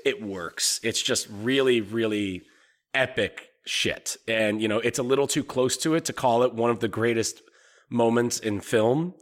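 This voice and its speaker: A young man co-hosts a podcast, discussing films in a relaxed, laid-back manner. He swears casually as he talks. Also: lowish voice. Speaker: podcast co-host.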